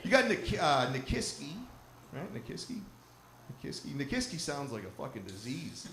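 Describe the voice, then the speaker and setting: A stand-up comedian performs on stage at a lodge venue, holding a handheld mic, his voice swinging hugely in pitch at a normal pace. He's brash, teases the crowd, swears freely, and slips into drunk and squeaky voices. The roomy live space carries background noise and the audience's laughter.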